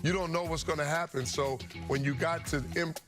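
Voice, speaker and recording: A man's voice: on the high side, steady tone, a little fast. A man working as a studio football analyst, explaining at length and restarting his sentences. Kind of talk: studio sports talk. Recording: music bed underneath.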